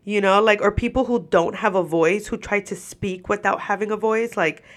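A woman's voice: medium pitch, moderate pace. A congested, stuffy-nosed woman who is short of breath, hosting a podcast as a casual rant, swearing freely and laughing as she talks into a microphone. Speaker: podcast host. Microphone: microphone while seated.

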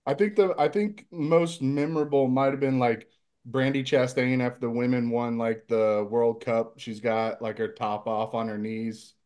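A man's voice: mid-range voice, fairly even intonation, moderate pace, a little mellow, smooth. A man co-hosting a casual podcast, talking in a blunt way and swearing freely. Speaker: podcast co-host. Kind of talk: casual chat.

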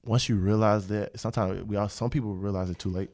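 Low-voiced man chatting loosely. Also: fairly even intonation, fast, darkish tone. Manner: rambling storyteller, laughs often. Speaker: podcast host. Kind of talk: casual chat.

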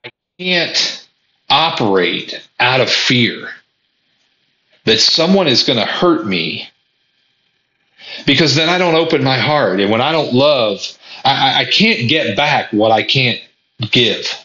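A male vlogger with a mid-range, expressive voice speaks slowly, leaving long pauses, his tone pushed and bright. In a reflective monologue aimed straight at the viewer, he earnestly shares lessons he has learned, often stumbling over and repeating words as he thinks. The recording sounds dull and lo-fi, captured in an echoey room.

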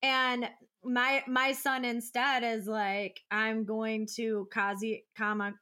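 A young woman co-hosting a podcast in casual chat, telling animated stories and acting out her toddler's voice. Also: fairly high pitch, slow pace. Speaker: podcast co-host.

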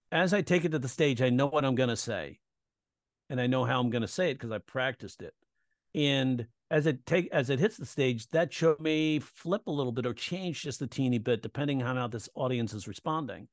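A man explains how jokes are built, in a relaxed teaching tone that keeps checking in with his listener. He slips into quoted lines and audience reactions as he goes, and his mid-pitched voice sounds dry and close, with no room around it. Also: no echo. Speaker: comedy coach and writing teacher. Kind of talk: casual explanatory talk in an interview.

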